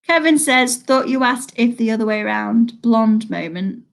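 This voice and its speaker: A chatty woman hosts a live online pub quiz from home, reading each question and answer twice. Her voice sits a little high, and she stops often to comment on players' scores. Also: expressive, normal speed, gravelly, few pauses. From United Kingdom. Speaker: quiz host. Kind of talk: casual live quiz hosting.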